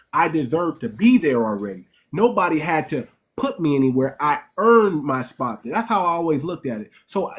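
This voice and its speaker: A man hosting a commentary monologue, explaining emphatically and often restarting his phrases while checking in with "right?" and "okay?". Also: on the high side. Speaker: host.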